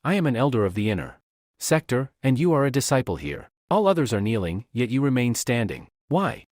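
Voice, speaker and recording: A stern older sect elder, read by a man speaks with grave authority. The delivery rises and falls with lively pitch, and the sound is dry and close. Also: brisk, dry recording, lightly acted. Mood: commanding.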